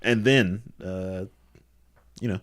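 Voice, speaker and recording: A man co-hosting a podcast, recapping a film in laid-back casual chat with deadpan character voices. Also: deep voice, slow. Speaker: podcast co-host. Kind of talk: casual movie review chat.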